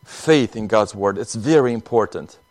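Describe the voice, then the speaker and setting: A man's voice: on the low side, moderate pace, a little mellow. A man preaching an earnest sermon, often acting out prayers and repeating words as he speaks.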